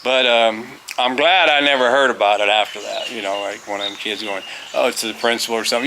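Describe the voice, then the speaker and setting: A man's voice: mid-range voice, brisk, few pauses, pushed and bright, slight background noise. A middle-aged man, a former teacher, telling a rambling, folksy story outdoors on a farm, full of fillers and restarts. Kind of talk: casual storytelling.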